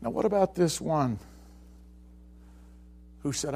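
High-voiced preacher swinging soft to loud. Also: male voice, animated, normal speed, slight background noise. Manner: storytelling, swings from hushed to shouting; stammering restarts. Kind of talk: sermon.

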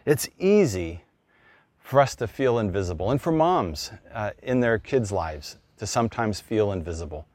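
A man's voice: fairly low pitch, sing-song, moderate pace, a little mellow, dry recording. A middle-aged man, a pastor, preaching a conversational sermon and acting out the people he quotes.

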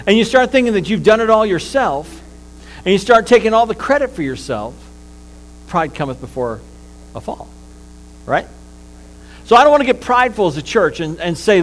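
High-voiced male pastor preaching. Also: animated, normal speed, fairly bright tone, soft background music, low-quality recording. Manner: conversational preaching with frequent fillers and restarts. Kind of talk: sermon.

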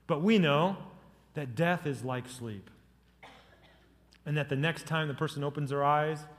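Male pastor, lively sermon, swings loud to soft, jokes with the room, long church-hall reverb. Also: mid-range voice. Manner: jokes with the congregation.

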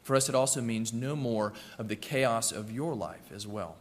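A man preaching a sermon with earnest, rhythmic repetitions, slowing down and softening for emphasis. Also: medium pitch. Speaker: pastor. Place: church sanctuary. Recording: long reverb of a church hall.

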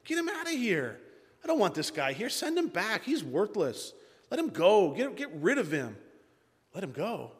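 A man's voice: high voice, huge pitch swings, normal speed, pitched above the performer's own voice. A man voicing an irritated ancient king who curtly orders a madman sent away. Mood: dismissive. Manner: curt, dismissive orders. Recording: long hall reverb.

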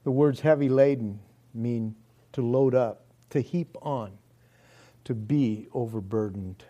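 Slow, earnest male preacher with a mellow voice. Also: mid-range voice, highs cut off. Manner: slow, earnest preaching that drops to soft, hushed tones. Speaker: pastor. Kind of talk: sermon. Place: church hall.

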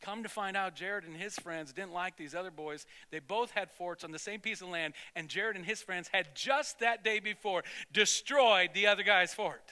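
A male pastor preaching in a high-pitched voice with a piercing, bright edge. He tells his sermon as an animated story, breaking off and restarting mid-sentence. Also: normal speed, few pauses. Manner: storytelling, animated, self-interrupting.

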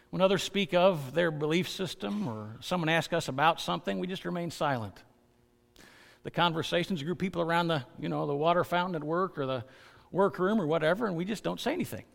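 A man preaching a sermon as pastor, earnest and building to loud, emphatic stresses. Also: a little high, vocal fry, long reverb tail.

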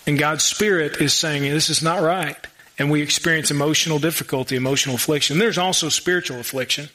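A man's voice: on the high side, fast, pushed and bright, a little hiss or hum. A man preaching a sermon in a small church, asking the congregation rhetorical questions with casual asides. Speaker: pastor.

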